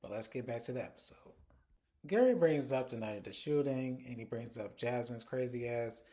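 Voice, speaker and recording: A man recapping a TV episode in casual, frank talk, jumping his pitch up to mimic the female characters. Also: normal speed. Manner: animated and frank, addresses viewers as y'all. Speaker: TV episode reviewer.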